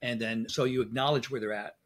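The middle-aged dental specialist's mid-range voice runs fairly quick with fairly even intonation. As a casual interview guest, he tells stories by acting out the exchanges in quotes.

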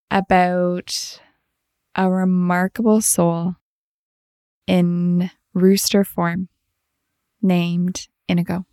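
A woman's voice: lowish voice, gravelly, a little mellow, dry recording, clean studio sound. A woman hosting a podcast, telling heartfelt stories about her farm animals in a tender, emotional way. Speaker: podcast host.

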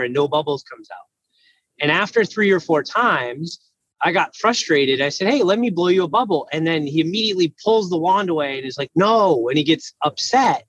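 A man's voice: on the high side, fairly bright tone, dry recording, lo-fi sound. A man in casual conversation, talking earnestly and thoughtfully with lots of "like" fillers. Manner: earnest, reflective, many "like" fillers.

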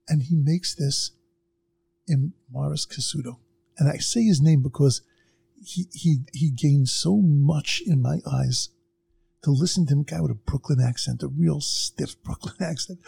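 A middle-aged man with a heavily gravelly, husky voice tells a story in casual podcast chat. His tone is dark and mellow, yet fairly high for a man. He acts out the people in his story, jumping sharply up in pitch. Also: measured pace. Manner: acts out quoted people with big jumps in pitch.

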